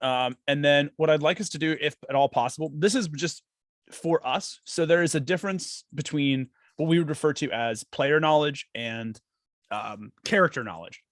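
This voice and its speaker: Dude running a tabletop game, chatty, lots of ums, dry close mic. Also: male voice, a little high, moderate pace, no room sound. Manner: loose and chatty, many fillers. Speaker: game master.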